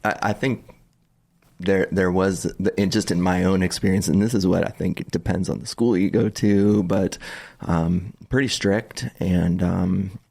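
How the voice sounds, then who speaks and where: Brief: male pastor co-host, casual and rambling, low gravelly voice, dry sound. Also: steady tone, measured pace, a little mellow, dry recording. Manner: rambling, hesitant with many fillers, laughs easily. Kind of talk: casual conversation.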